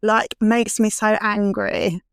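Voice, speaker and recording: A young adult woman hosting a casual podcast conversation about baby loss, speaking candidly and getting animated when frustrated. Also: mid-range voice, slow pace, smooth, no room sound, clean studio sound. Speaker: podcast host.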